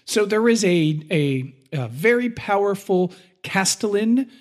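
Male podcast co-host, slightly high voice, easygoing explainer of history. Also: expressive, measured pace, darkish tone. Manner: explanatory, acts out voices in quotes. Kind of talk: casual history podcast chat.

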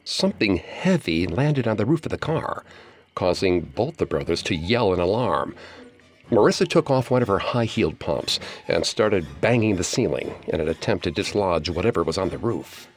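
A man reading a horror story aloud in a measured, suspenseful way. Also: deep voice, expressive, soft background music. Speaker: narrator. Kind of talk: scripted horror story narration.

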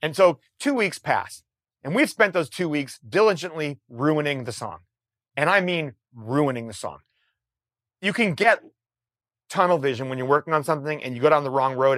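A middle-aged man, a musician guest, telling a story in a casual, animated way, swearing freely and restarting his sentences. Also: on the high side, moderate pace, no room sound, clean studio sound. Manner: animated, profane, frequent restarts.

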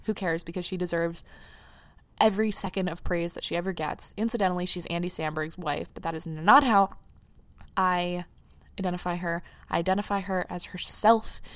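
A woman's voice: fairly low pitch, no room sound. Gushing, teary young woman podcaster. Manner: gushing, emotional, rambling with restarts. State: near tears. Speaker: podcast host. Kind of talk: casual solo podcast chat.

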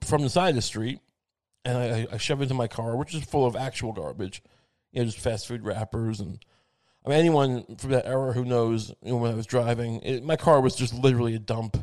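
A man rambling through a comic monologue, self-mocking and profane, with frequent halting restarts. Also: mid-range voice, darkish tone.

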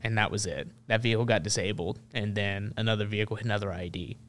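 A man's voice: on the low side, fast talker, a bit bright, a little hiss or hum. A man, a military veteran, telling a story as a podcast guest in a loose, rambling way full of restarts. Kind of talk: casual storytelling.

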